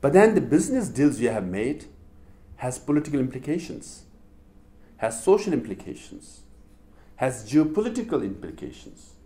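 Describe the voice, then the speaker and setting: Tibetan-accented man giving a lively talk. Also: mid-range voice, normal speed. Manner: animated storytelling with rhetorical questions. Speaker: public speaker. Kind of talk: public talk to a university audience.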